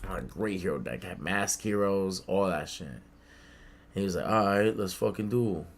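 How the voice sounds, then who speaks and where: A young man from the Bronx telling a childhood story in casual podcast chat, animated, swearing freely and acting out the voices of people he quotes. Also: deep voice, normal speed. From the Bronx, New York. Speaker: podcast co-host. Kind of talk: casual storytelling among friends.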